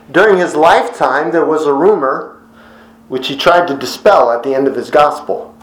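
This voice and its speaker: A man's voice: mid-range voice, reverberant, low-quality recording. A man reading scripture and then teaching it as a pastor, with conversational, wry asides. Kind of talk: Bible teaching sermon.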